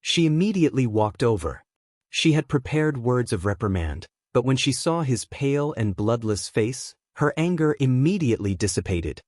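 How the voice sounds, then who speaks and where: A man narrates an audiobook in an expressive way, with a pitch that rises and falls a lot. The recording is close and dry. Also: moderate pace, no room sound. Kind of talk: scripted narration.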